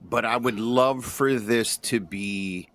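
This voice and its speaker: A man co-hosting a comedy podcast, talking in a halting, earnest way with teasing asides. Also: mid-range voice, fairly bright tone. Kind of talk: casual chat.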